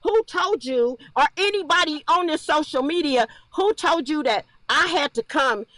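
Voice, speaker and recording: An angry woman ranting on a livestream, profane, shouting and repeating herself. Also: high-pitched, normal speed, dry recording.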